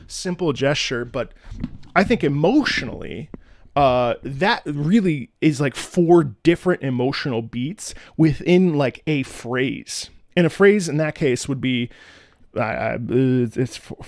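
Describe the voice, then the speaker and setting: A man's voice: medium pitch, unhurried, no echo, clean studio sound. A man hosting his channel, casually explaining music and humming melodies on "da" syllables, with enthusiasm and frequent restarts. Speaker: channel host.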